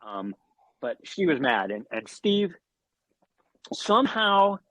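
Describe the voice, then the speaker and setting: A man's voice: fairly high pitch, very animated, slow, a bit bright, dry recording, poor audio. A man telling a long, rambling story in a casual interview, swearing and restarting often. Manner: rambling, profane, frequent fillers and restarts. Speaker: guest musician.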